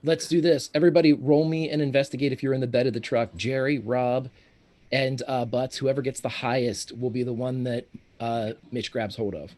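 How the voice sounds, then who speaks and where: A man running a tabletop game as game master, describing scenes in steady narration. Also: mid-range voice, brisk.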